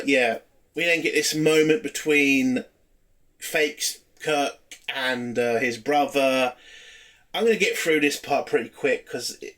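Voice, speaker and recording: A man's voice: mid-range voice, fairly bright tone. A man giving a rambling, sarcastic spoken recap of a TV episode, swearing often. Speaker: TV reviewer. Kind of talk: casual spoken review.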